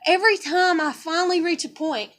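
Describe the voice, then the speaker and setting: A woman with a high voice vents her frustrations in a raw, emotional monologue. She swears freely and keeps circling back with fillers as she talks it through. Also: fairly even intonation, fairly quick, a bit bright. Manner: profane, heated venting with many fillers. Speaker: vlogger. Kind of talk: emotional personal rant.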